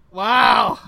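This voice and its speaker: A man's voice: very high-pitched, vocal fry, bright, forceful tone, dry recording. A man co-hosting a podcast in casual chat, laughing often and swearing freely. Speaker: podcast co-host.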